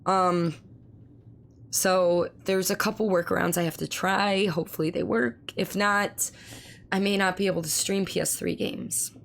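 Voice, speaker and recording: A woman live streamer chats casually with her audience, with a hoarse, strained voice. There is a gravelly rasp under her speech, and she swears freely as she reads her chat aloud. A faint hiss sits behind her voice. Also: on the low side, fairly even intonation, unhurried.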